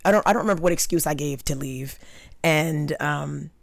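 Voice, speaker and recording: A young adult woman from Long Island, a comedian guest telling stories in animated, casual podcast talk, often laughing. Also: low-pitched, normal speed, gravelly, no room sound, studio quality. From Long Island, New York.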